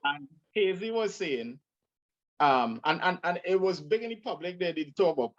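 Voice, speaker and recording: A man with a Trinidadian accent co-hosting an interview, recalling a story in a relaxed, hesitant way. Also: normal speed. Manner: relaxed anecdotal recollection with hesitations. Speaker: co-host. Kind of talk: casual interview talk. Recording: dull low-fidelity sound.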